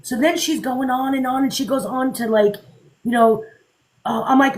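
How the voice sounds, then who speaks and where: A young woman telling a story in a casual, animated way, with lots of fillers and quoted dialogue. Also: on the high side, fast talker, low-quality recording. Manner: chatty, animated, many fillers, repeats quotes. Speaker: social media creator telling a story. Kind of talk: casual storytelling on a live panel.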